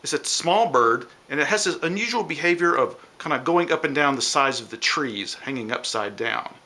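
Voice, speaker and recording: Upbeat male nature educator for kids, animated and bright, walks through it step by step and mimics bird calls. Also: a little high, moderate pace. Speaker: science educator for children. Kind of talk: children's science lesson.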